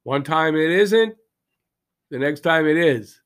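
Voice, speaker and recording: A man's voice: a little high, lively intonation, slow. A man hosting a solo hockey podcast, ranting heatedly and firing rhetorical questions at his listeners. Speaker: podcast host. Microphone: podcast mic, also filmed for video.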